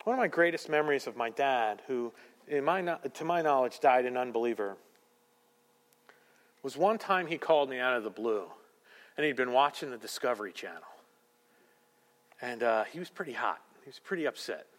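A man preaching a sermon, moving between loud proclamation and hushed, intense passages. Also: medium pitch, expressive, normal speed, long pauses. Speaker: pastor. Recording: long hall reverb.

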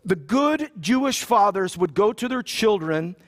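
A man's voice: high voice, expressive, a little slow. A pastor preaching a sermon. He reads scripture aloud and retells it in casual, joking everyday talk. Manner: casual and joking, with slang asides.

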